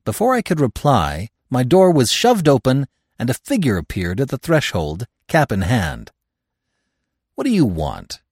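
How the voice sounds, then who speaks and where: A man reading a first-person story aloud as the narrator, in an expressive, theatrical style. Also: mid-range voice, normal speed, hardly any pauses, husky, dry recording, clean studio sound. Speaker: audiobook narrator.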